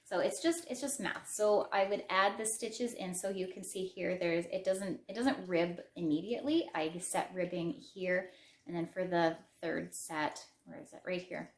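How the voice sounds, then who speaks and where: A woman's voice: lowish voice, normal speed. A middle-aged woman with a Western Canadian English accent, hosting a crochet podcast in a chatty, rambling show-and-tell manner with self-deprecating asides. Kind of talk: casual show-and-tell chat. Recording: roomy echo.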